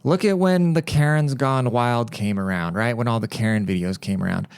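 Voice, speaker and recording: A man's voice: mid-range voice, moderate pace, clear, resonant tone, no room sound. A man hosting a podcast, telling stories in a blunt, profane, casual rant. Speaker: podcast host.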